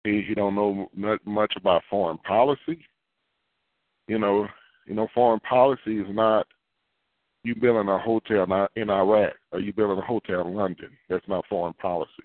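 A man's voice: lowish voice, fairly even intonation, moderate pace, no room sound. A man preaching a sermon in a conversational, repetitive style with folksy asides. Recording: dry, phone-like narrow sound.

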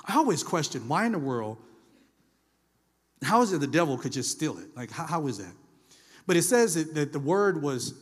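Guy preaching casual, kinda high voice, lots of hall echo behind him. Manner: conversational, animated storytelling with voiced asides. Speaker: pastor. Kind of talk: sermon.

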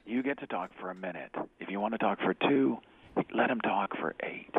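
A man, an executive recruiter, telling a faith story in an animated way, acting out the dialogue and dropping to a whisper at times. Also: on the low side, moderate pace, slightly rough. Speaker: executive recruiter, guest speaker. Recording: tinny phone-like radio audio.

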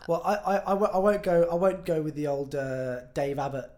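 A man's voice: a little high, fairly quick, darkish tone. A young man, a musician guest, chatting casually on a podcast, swearing freely and laughing easily.

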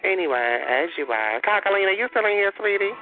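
A man's voice: high voice, animated, quick pace, narrow, tinny audio, faint music behind. A man on a phone chat line confronting another caller in a taunting, sugary tone, calling him sweetie.

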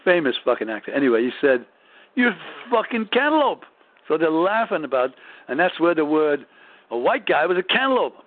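A man's voice: on the high side, very animated, a little fast, dry recording. A man rambling through a profane, casual story with lots of swearing and restarts. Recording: tinny phone-like audio.

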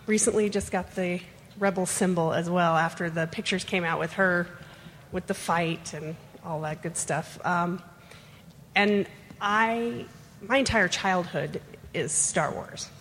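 A woman tells a heartfelt story, pausing and restarting as she goes. Her voice rings with a long hall reverb over faint background noise. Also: on the low side, steady tone, fairly bright tone. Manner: heartfelt, halting. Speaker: audience member at a fan panel. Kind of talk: emotional personal story. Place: convention panel room.

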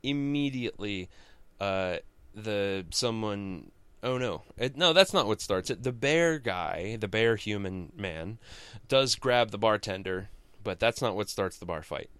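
A man's voice: lowish voice, lively intonation, a little slow, a bit bright, clear, resonant tone, no room sound. A man hosting a comics podcast, giving a casual, rambling and jokey recap that often interrupts itself.

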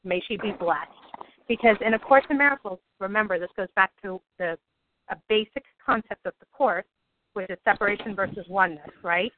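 A woman's voice: medium pitch, fairly quick, slight background noise. A woman leading a spiritual group call, teaching casually and acting out inner thoughts with animation. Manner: animated, acts out inner monologues. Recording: tinny phone-line audio.

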